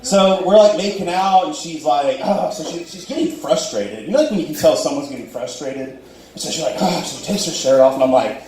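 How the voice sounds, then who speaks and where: A man's voice: expressive, a little fast, hardly any pauses, a little mellow, a little hiss or hum. A young man performing a self-deprecating stand-up comedy set on a club stage. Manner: self-deprecating, acts out dialogue in high squeaky voices. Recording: roomy club audio from far off.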